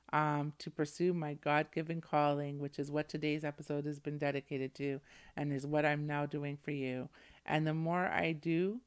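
Smooth-voiced woman hosting her podcast. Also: low voice. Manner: effusive, affirming, full of thanks and shout-outs. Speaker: podcast host. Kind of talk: solo podcast sign-off.

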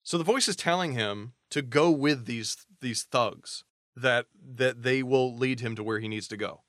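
A man co-hosting a podcast, casually retelling a novel's plot with quick voiced asides. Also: mid-range voice, fairly bright tone, no echo, studio quality. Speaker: podcast co-host recapping a novel. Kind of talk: casual chat.

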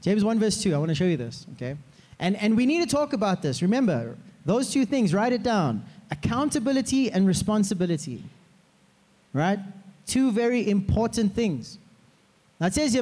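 A man preaching a sermon as pastor, in a lively way, often asking the congregation to repeat words after him. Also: sits high, normal speed. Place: church hall. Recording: long hall reverb.

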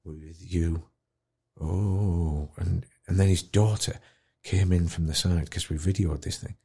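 Husky low-voiced storyteller. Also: male voice, moderate pace. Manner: animated storyteller, acts out voices, drops to quiet. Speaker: guest, dementia campaigner. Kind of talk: storytelling in conversation.

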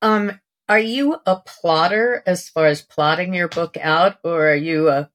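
Interview host, asks questions, laughs along, slow pace. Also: medium pitch, fairly bright tone. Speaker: podcast host. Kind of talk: casual interview chat.

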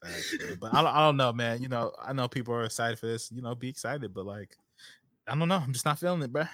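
A man's voice: mid-range voice, fast, a bit bright, dry recording, clean studio sound. A man co-hosting a podcast in casual chat, laid-back and agreeable, with profane slang. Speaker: podcast co-host.

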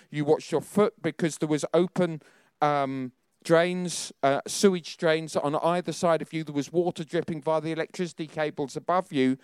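A man's voice: fairly high pitch, a little mellow, smooth, no echo, clean studio sound. A man in his fifties preaching a sermon, telling personal stories in a chatty, self-deprecating way with nervous laughs.

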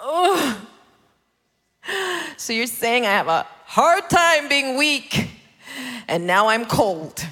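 A woman in her thirties preaches with an animated, playful delivery, slipping into the voices of the people she quotes. Her voice is high and bright. A long reverb trails each phrase, as in a large hall. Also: slow. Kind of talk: sermon.

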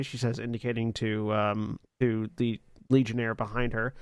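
A man runs a tabletop game as dungeon master, narrating in a loose, halting way full of fillers. His voice sits in a middle register and is recorded close and dry, with no room sound. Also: mid-range voice, fairly even intonation, a bit bright, smooth, no echo. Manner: casual, halting with many fillers.

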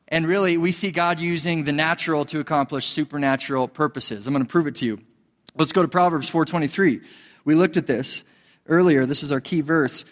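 A man preaching a sermon as a pastor, animated, acting out quoted voices. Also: a little fast, in a large hall. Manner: animated, acts out quoted voices in a higher pitch.

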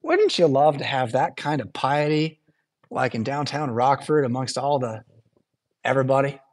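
A man's voice: medium pitch, very animated, normal speed. A man preaching a sermon in a church in a conversational way, often checking in with his listeners. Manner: chatty asides, checks in with "right?" and "yeah?". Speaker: pastor.

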